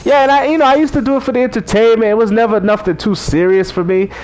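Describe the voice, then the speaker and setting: A man's voice: high-pitched, fairly even intonation, quick pace, a little mellow. A man hosting a live stream, chatting in a laid-back way and laughing often. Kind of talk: casual livestream chat.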